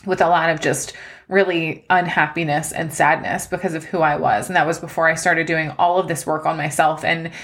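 Low-voiced woman, earnest and tearful. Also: flat delivery, brisk, a bit bright. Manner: earnest, emotional, tearful at times. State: close to tears. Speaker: podcast host. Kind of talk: personal life-update podcast.

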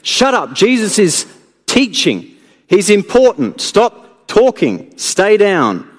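A preacher voicing a scolding, impatient crowd. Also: male voice, sits high, wildly swooping pitch, takes it slowly, voice pushed up, exaggerated voice. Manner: curt, hushing commands. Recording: long hall reverb.

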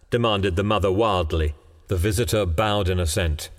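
A man narrating a ghost story in a measured, dramatic storytelling manner. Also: low-pitched. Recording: long hall reverb, faint music.

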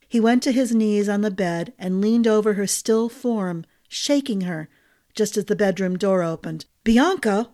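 A woman narrating a fantasy novel for a storytelling podcast in a measured, dramatic reading style. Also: medium pitch, darkish tone.

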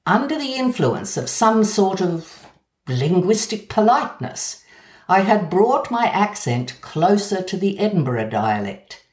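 Low-voiced Australian woman, roomy echo. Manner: measured, explanatory, gently wry. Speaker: essayist. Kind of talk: reading a scripted essay on language.

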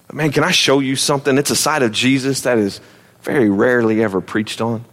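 A man preaching a conversational sermon, swinging from loud, raised lines to hushed ones and often calling on listeners to listen. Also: mid-range voice, steady tone, brisk. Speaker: pastor. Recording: long hall reverb.

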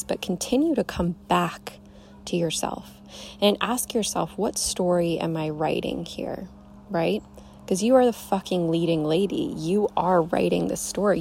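A woman's voice: lowish voice, gravelly, dark tone, a little hiss or hum. A young woman hosting a podcast, giving an emphatic, casual motivational talk, swearing freely and calling the listener babe. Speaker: podcast host, coach.

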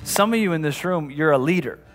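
Pastor preaching over soft guitar. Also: male voice, fairly high pitch, animated, brisk. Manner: conversational preaching, repeats phrases, stammering restarts; rises to emphatic, louder passages. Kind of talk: sermon.

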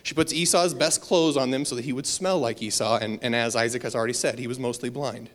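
A man's voice: mid-range voice, fast talker, a bit bright, a little hiss or hum. A man giving a casual, storytelling sermon, with fillers and self-deprecating asides. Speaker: preacher. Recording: long hall reverb.

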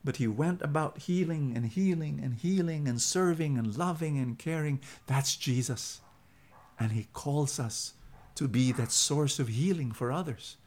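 A man's voice: on the high side, a little slow. A man with a Filipino accent preaching a sermon, telling a story and repeating points for emphasis. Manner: animated, repetitive, emphatic, laughs easily.

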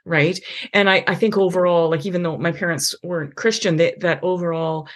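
A woman's voice: lowish voice, fairly even intonation, brisk. A middle-aged woman hosting a podcast, talking earnestly about faith and parenting with many restarts and tag questions. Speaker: podcast host. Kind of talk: conversational advice on faith and parenting.

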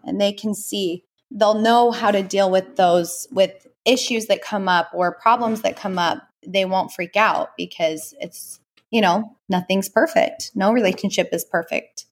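A woman, a mother hosting a podcast, speaking in a warm, conversational way. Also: medium pitch, steady tone, measured pace. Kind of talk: casual podcast interview.

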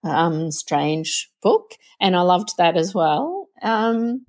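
A woman's voice: fairly low pitch, expressive, extremely slow, darkish tone. A woman chats as a guest about her business and reading. She laughs often between phrases and talks openly and emotionally. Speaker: guest, nature play business owner. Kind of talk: casual interview chat.

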